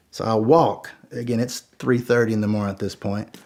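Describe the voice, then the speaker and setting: A man with a lowish voice recounts a real-life story at a brisk pace. His telling is casual and animated, with every line of dialogue acted out and plenty of "like" fillers.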